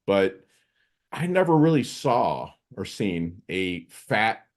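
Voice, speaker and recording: A man's voice: on the low side, very animated, slow. An American man hosting a podcast in casual interview chat, talking loosely and rambling with slang. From United States. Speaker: podcast host.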